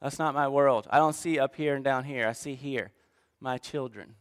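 A man preaching a sermon, swinging between hushed asides and fired-up outbursts. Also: mid-range voice, normal speed, smooth, long reverb tail. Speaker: pastor.

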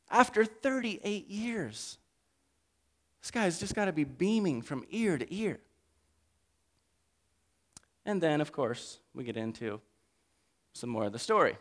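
Animated, joking male preacher. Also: high-pitched. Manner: animated, humorous, conversational. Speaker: pastor. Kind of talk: sermon.

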